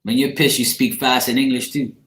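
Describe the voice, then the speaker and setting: A man's voice: medium pitch, little pitch movement, fairly quick, fairly bright tone. A man, a tarot card reader, chatting casually with viewers on a live stream at the end of a tiring day, blunt and joking and swearing freely. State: tired at end of long day. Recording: roomy echo.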